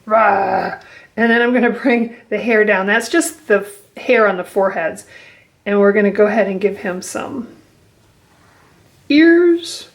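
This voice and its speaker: Woman art teacher, playful, encouraging, chatty drawing lesson, mid-pitched voice. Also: fairly even intonation, moderate pace. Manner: playful, encouraging, talks to kids while drawing; laughs often, acts out growls.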